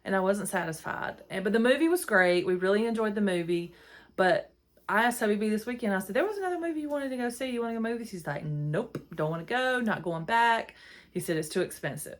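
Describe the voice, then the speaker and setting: Chatty woman telling a story. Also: lowish voice. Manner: chatty, rambling, exasperated. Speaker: podcast host. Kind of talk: casual storytelling monologue. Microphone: phone.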